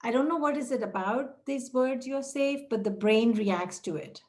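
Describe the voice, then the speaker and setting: A middle-aged woman with a somewhat high voice runs a training webinar for childcare center leaders. She speaks straight to her audience with direct encouragement. She often slips into quoted dialogue to act out classroom moments. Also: moderate pace, a little mellow. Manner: breaks into quoted dialogue with raised pitch. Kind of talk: webinar teaching talk.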